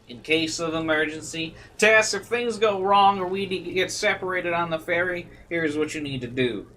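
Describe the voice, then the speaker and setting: A man's voice: a little high, moderate pace, sharp tone, pitched above the performer's own voice. A man putting on a Southern US accent to voice a protective big brother writing a note. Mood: earnest. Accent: put-on Southern US.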